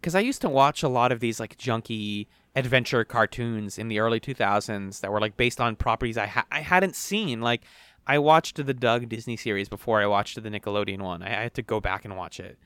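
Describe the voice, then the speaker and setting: A young man co-hosting a podcast, chatting casually and rambling through animated retellings. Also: medium pitch, a little fast, smooth, no echo. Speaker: podcast co-host. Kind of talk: casual chat.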